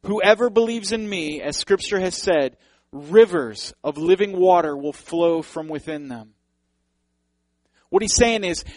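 A man's voice: high-pitched, moderate pace, no echo, low-quality recording. Fervent male preacher, dry close sound. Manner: earnest, building to fervent emphasis; speaks directly to the congregation. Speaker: pastor. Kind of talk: sermon.

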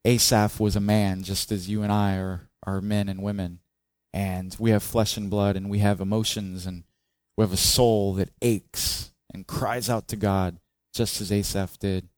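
A pastor with a lowish voice speaks a little slowly, with no echo on the recording. His sermon is conversational and expressive: he questions the congregation and acts out the psalmist's cries by raising his voice.

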